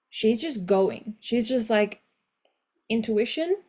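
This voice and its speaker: Woman, motivational coach hosting live; warm mellow voice, energetic, blunt, swears freely. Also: medium pitch, normal speed. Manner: energetic, blunt, swears casually, cheers listeners on.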